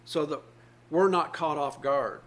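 A man's voice: fairly high pitch, measured pace, a bit bright. A man, probably older, preaching a sermon, reading scripture aloud and explaining it earnestly with repeated phrases.

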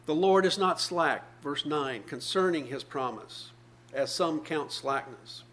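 A man's voice: a little high, measured pace, a bit bright. A man, probably older, preaching a sermon, reading scripture aloud and explaining it earnestly with repeated phrases.

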